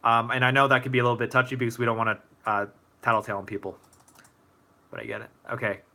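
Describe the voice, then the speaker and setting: A young man with a bright, forceful voice hosts a casual livestream Q&A, talking straight to his viewers. He rambles a little, leaning on fillers and restarting his sentences as he thinks aloud, and his pitch sits in the middle for a man. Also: little pitch movement, fast talker, creaky. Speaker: motivational speaker answering viewer questions. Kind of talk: casual live Q&A.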